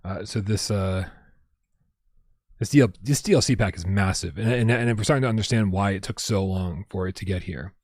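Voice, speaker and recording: A man's voice: on the low side, fairly quick, a little mellow, no room sound, clean studio sound. A man hosting a casual gaming livestream at home, rambling and reading out viewer tips with lots of restarts. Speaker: livestream host.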